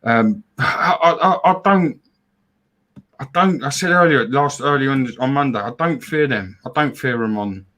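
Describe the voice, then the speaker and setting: A man's voice: mid-range voice, normal speed, a bit bright. A man talks loosely on a fan live stream, repeating words as he goes. He chats about the game and reads out donors' names. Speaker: fan show co-host. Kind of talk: casual football fan chat.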